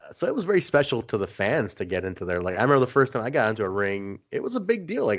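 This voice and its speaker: A man co-hosting a casual podcast who tells stories with animated energy, swears freely and laughs often. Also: fairly low pitch, rapid-fire, few pauses, lo-fi sound. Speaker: podcast co-host. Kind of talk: casual chat.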